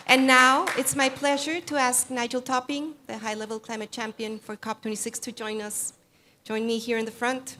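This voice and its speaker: A woman's voice: on the high side, little pitch movement, moderate pace, sharp tone, a little hiss or hum. A woman moderating a live event, politely introducing the next speaker in a formal way.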